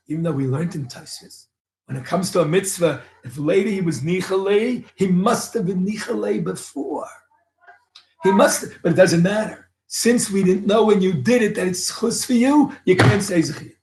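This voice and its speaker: A man's voice: high-pitched, darkish tone, echoey room, poor audio. A man, a rabbi, teaching a Talmud lecture to students, explaining each point with rhetorical questions and mixing Hebrew and Yiddish terms into his English.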